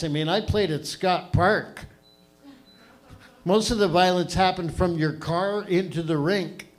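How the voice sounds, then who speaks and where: A man in his fifties from Canada hosting an open mic, ranting through a profane stand-up set on a comedy club stage. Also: high-pitched. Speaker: stand-up host.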